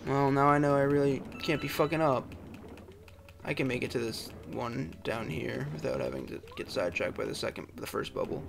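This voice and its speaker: A man's voice: medium pitch, fairly quick, vocal fry. A young man hosting a let's-play, muttering, exclaiming and swearing at the game as he plays, with faint game music behind him. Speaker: gaming channel host. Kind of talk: casual let's-play commentary.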